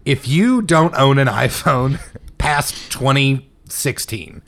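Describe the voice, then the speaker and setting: A man's voice: mid-range voice, expressive, slow pace. A young man co-hosting a casual podcast chat, joking and rambling, often breaking into laughter. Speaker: podcast co-host.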